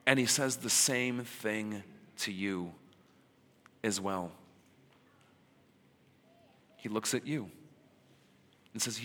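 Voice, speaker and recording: A male preacher speaks in a bright, forceful voice, casual and emphatic by turns, leaning on pauses for effect. A long hall reverb follows every phrase. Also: on the low side. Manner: conversational and emphatic, with dramatic pauses. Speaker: pastor. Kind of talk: sermon.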